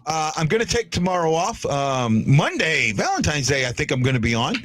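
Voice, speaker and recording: A fairly high-voiced man hosting a casual sports talk show. He chats loosely and trips over his words, repeating himself as he goes. The sound is close and dry, with no room around it. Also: big pitch swings, a little fast, fairly bright tone, no room sound. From United States. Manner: chatty, stumbles and repeats words. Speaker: podcast host.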